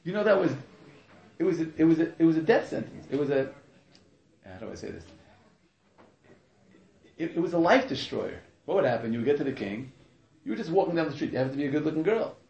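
Animated man teaching a lively class. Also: fairly high pitch, quick pace, gravelly, pauses often, reverberant, highs cut off. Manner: animated, joking, acts out quotes, many restarts. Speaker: Torah teacher. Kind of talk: lively informal class on the Megillah.

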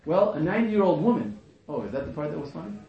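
A man's voice: a little high, sing-song, quick pace, gravelly. A man teaching a class in a humorous lecture, repeating phrases and chuckling at his own jokes. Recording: echoey room, muffled, faint hiss.

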